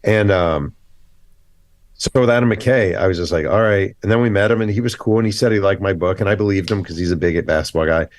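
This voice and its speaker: A man, an author guest on a podcast, telling animated stories, acting out quoted dialogue and speaking bluntly. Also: low-pitched, a little fast, no room sound. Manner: blunt, opinionated. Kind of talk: casual podcast interview.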